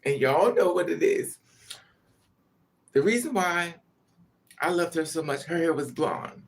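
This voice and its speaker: There's a little hiss or hum behind this high-sounding male vlogger, whose intonation is lively and pace measured. He recounts personal family stories straight to camera, candid, profane and emphatic, often veering into asides.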